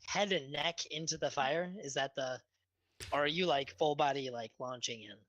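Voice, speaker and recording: Bright-voiced man running a tabletop game. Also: on the high side, moderate pace, no echo, highs cut off. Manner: hesitant, filler-heavy narration. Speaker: game master.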